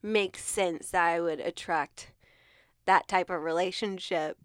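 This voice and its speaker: A woman co-hosting a podcast in casual chat, frank and quick to laugh mid-sentence. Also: lowish voice, steady tone, clear, resonant tone, dry recording, clean studio sound. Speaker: podcast co-host.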